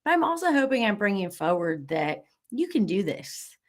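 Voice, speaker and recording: A woman's voice: mid-range voice, very animated, moderate pace. A woman hosting a live online class, bubbly and encouraging, reading out viewer comments with lots of fillers.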